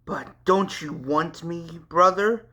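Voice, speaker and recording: A man reading a story aloud and voicing a demonic spirit that possesses a young man, in a deep, possessed voice with a gloating, taunting manner. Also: takes it slowly, pushed and bright, exaggerated voice.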